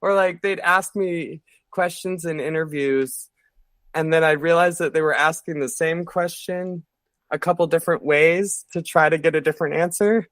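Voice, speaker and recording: A man in his thirties with a slightly higher-than-average voice rambles through a story as a podcast guest, leaning on fillers and slipping into quick impressions of the people he quotes. The sound is close and dry, with no room echo. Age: 30s. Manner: rambling, filler-heavy, animated quoting of others. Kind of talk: casual storytelling interview. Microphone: podcast studio mic.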